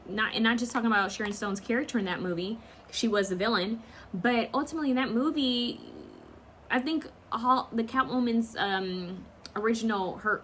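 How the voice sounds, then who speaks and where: A woman's voice: a little high, a bit bright, slight background noise. A woman giving a casual pick-a-card tarot reading, chatty and rambling with slangy asides.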